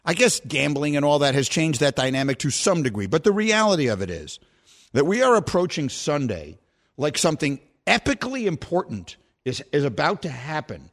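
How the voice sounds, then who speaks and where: Lively, teasing sports radio host. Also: male voice, fairly high pitch, a little fast. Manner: teasing, then reflective and wordy. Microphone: studio microphone.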